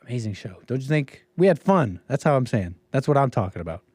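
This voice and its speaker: A man's voice: medium pitch, big pitch swings, fast, darkish tone, breathy edge, no room sound. A man hosting his own livestream, talking in a rambling, sarcastic way with restarts and laughs. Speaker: streamer and show host. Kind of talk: casual livestream monologue.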